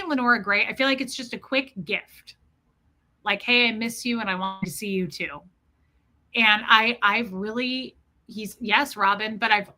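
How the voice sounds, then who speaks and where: Bright-voiced woman live-streaming. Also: a little high. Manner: personal, earnest storytelling, greets viewers by name. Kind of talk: casual live-stream chat.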